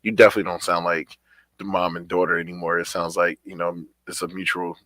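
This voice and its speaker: Laid-back low-voiced man, bright and dry. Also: little pitch movement, fast, no echo. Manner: laid-back, conversational, slangy. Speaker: podcast co-host. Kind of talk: casual podcast conversation.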